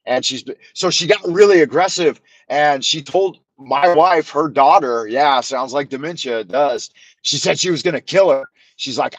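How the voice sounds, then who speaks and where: A man's voice: a little high, moderate pace, no room sound, low-quality recording. Rambling, profane man telling a story. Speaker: show host. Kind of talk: casual storytelling.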